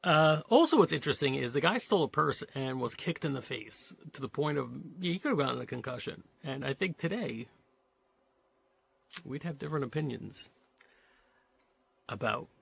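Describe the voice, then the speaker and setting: A man's voice: medium pitch, lively intonation, moderate pace, gravelly, long pauses, fairly bright tone, breathy edge. A man reading a novelization aloud, stopping now and then to joke and comment on the story. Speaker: reader of a novelization.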